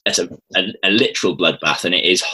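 Low, husky man talking faith. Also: fast talker, bright, forceful tone, rough recording. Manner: thoughtful, hesitant, many ums and restarts. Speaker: Christian guest explaining the Bible. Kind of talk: casual conversation.

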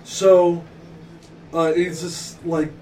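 Rambling young game master, distant mic. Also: male voice, fairly high pitch, level tone, warm tone, slight background noise. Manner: halting, filler-heavy narration. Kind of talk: narrating a tabletop game.

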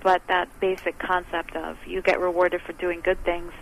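A woman's voice: fairly low pitch, little pitch movement, normal speed, gravelly, a little hiss or hum, poor audio. A woman who runs her own business, talking chattily as an interview guest and acting out other people's words as she explains things. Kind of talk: conversational interview.

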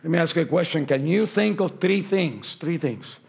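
Passionate preacher with a husky voice. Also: male voice, a little high, lively intonation, moderate pace. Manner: impassioned preaching, swinging from shouts down to hushed, near-whispered lines; slips into Spanish phrases. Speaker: pastor. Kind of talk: sermon. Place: church sanctuary.

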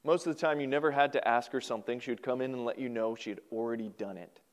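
A male pastor preaching a sermon, telling a folksy story in an animated way. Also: mid-range voice, fast. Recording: podcast recording.

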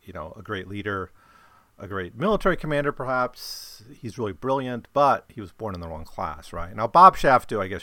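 A man with a lowish voice talks through a novel's plot in a loose, casual way, stopping and restarting often with plenty of fillers. The recording is dry and close, with no room sound around him. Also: fairly bright tone, no echo. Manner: rambling, many fillers and restarts. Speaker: book discussion host. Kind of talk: casual book summary talk.

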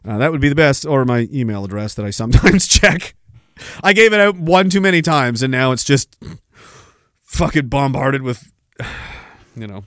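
A man's voice: medium pitch, expressive, moderate pace, long pauses, a bit bright, no echo, clean studio sound. A man hosting a podcast, ranting sarcastically and with a lot of profanity while reading out messages. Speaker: podcast host.

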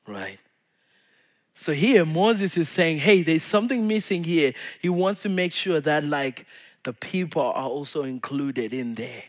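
Casting: male pastor, fairly high voice, casual sermon with hushed moments. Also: lively intonation, a little slow. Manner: casual preaching, swings from loud to hushed.

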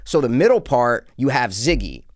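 Co-hosting a laid-back podcast about movies, this man talks in an animated, rambling way and keeps starting his sentences over. He speaks at a normal speed in a middle pitch, recorded close and dry with no room sound.

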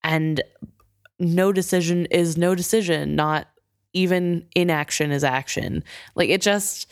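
A woman's voice: lowish voice, clean tone, no echo, clean studio sound. A woman co-hosting a book podcast, chatting animatedly and filling with "like". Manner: animated, quick to laugh, uses "like" a lot. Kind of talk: casual chat.

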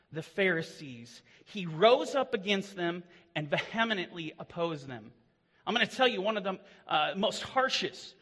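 Male preacher, earnest and emphatic, high bright voice, long hall reverb. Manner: earnest, swings between loud emphatic lines and low quiet ones. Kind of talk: sermon.

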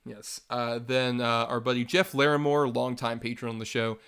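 A man's voice: medium pitch, flat delivery, normal speed, a bit bright, smooth. A man co-hosting a podcast, reading listener messages aloud and chatting in an earnest, grateful way with easy laughter. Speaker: podcast co-host.

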